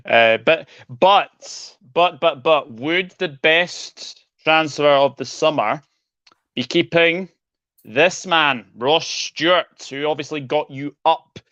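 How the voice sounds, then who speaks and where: A man's voice: a little high, extremely slow, no echo. A man hosting a casual football chat and reading out viewer comments. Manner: relaxed, reads out viewer comments. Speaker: host. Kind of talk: casual video call chat. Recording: dull lo-fi audio.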